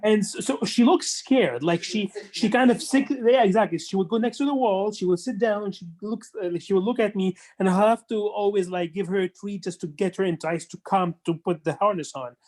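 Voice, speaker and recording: A woman in a class on a video call asking a question, hesitant and halting, with many restarts. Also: medium pitch, a little mellow.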